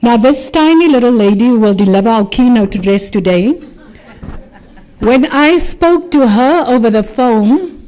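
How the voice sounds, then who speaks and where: A woman's voice: fairly high pitch, lively intonation, moderate pace, mellow. A woman giving a formal welcome and introducing the keynote speaker at a university event. She speaks graciously and mixes in a short personal story, into a podium microphone in a function hall. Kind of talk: formal welcome speech with anecdote.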